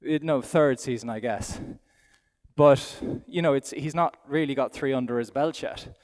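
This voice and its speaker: A man's voice: mid-range voice, normal speed, a little mellow. Irish man riding and talking, echoing arena. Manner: talks aloud while riding, chatty and self-deprecating. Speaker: event rider giving a riding demonstration. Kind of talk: live demonstration commentary. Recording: long hall reverb from an arena.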